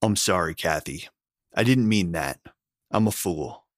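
A loyal young man who pleads in an urgent, hushed voice, as voiced by a male narrator. The voice sits low, and the close, dry recording keeps it intimate. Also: animated, a little slow, no echo. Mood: pleading, urgent.

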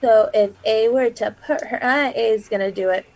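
A woman's voice: fairly high pitch, normal speed, a little mellow, rough recording. A woman playing a tabletop game, describing her figure's actions and thinking aloud. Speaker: player. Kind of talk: casual tabletop game talk.

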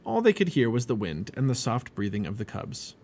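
A man reading a children's chapter book aloud as a parent, animated and expressive. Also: mid-range voice, a little fast. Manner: animated, expressive reading with many character voices. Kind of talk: storybook read-aloud.

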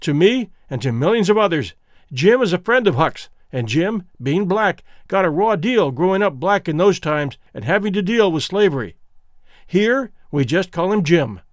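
A man with a Midwestern accent hosting a story podcast, giving a measured, explanatory introduction and reading aloud. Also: sits high, sing-song, dry recording, studio quality. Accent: Midwestern American. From American Midwest. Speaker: podcast host and reader.

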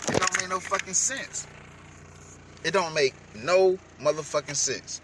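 Angry high-voiced man ranting. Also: measured pace, noisy background. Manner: angry, profane, shouting at times. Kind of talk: heated ranting commentary.

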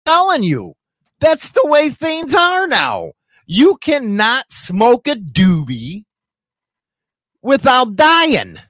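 A male host telling profane stories in casual chat and reacting to clips, with loud bursts. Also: very high-pitched, huge pitch swings, slow, no room sound, studio quality. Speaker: podcast host.

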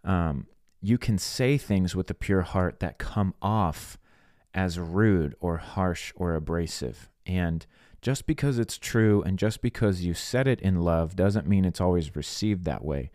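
Here the podcast host's voice is low-pitched and a little mellow, and he takes his time. In a studio-quality recording with no echo, he teaches sermon-style, earnest and plain-spoken, acting out conversations as he goes.

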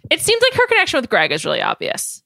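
A woman's voice: high-pitched, fast, creaky. A woman co-hosting a podcast, chatting casually and with strong opinions, who also reads the show's ads. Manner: lively, opinionated, emphatic. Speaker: podcast co-host. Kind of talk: casual chat and read ads.

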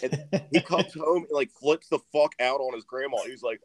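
A man's voice: mid-range voice, fairly even intonation, moderate pace, few pauses. A young man in casual chat, rambling and profane, laughing as he retells a story and acting out the voices in it.

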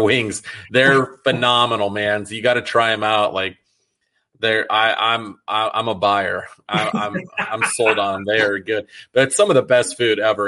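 Chatty low-voiced male host. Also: bright, forceful tone. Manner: chatty, enthusiastic, fillers like "like". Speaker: interview host. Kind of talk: casual interview chat.

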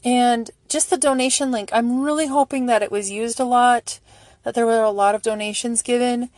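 A middle-aged woman with a slightly high voice chats casually and emotionally, easily touched and full of praise. She reads lines aloud slowly and carefully. The sound is close and dry, with no room echo. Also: fairly even intonation, darkish tone. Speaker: fan vlogger reading charity posts. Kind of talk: casual on-screen commentary.

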